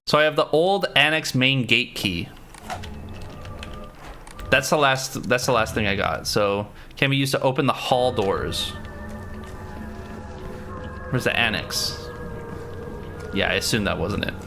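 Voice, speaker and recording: Bright-voiced man streaming a game. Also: mid-range voice, animated, measured pace, pauses often, faint music behind. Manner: chatty, swears, talks to chat. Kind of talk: casual gameplay commentary.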